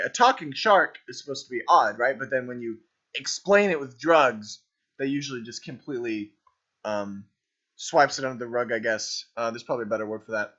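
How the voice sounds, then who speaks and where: The voice is a man's, mid-range and sharp-toned. He's casually coaching an improv group over a video of their scene, meandering, filler-heavy, and forever asking "right?", on a dull lo-fi recording.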